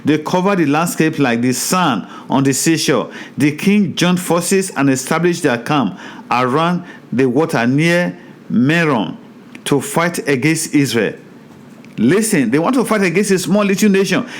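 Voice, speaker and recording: A man teaching a Bible study in a sermon style, reading scripture aloud and preaching with animated, repeated phrases. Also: a little high. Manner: slows down over hard place names.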